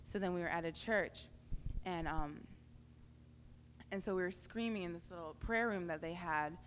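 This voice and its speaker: Brief: young woman sharing testimony with a youth crowd, halting speech, lowish voice, echoey hall with faint noise. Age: young adult. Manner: halting, many fillers and restarts. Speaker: panel speaker. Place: large hall at a youth camp.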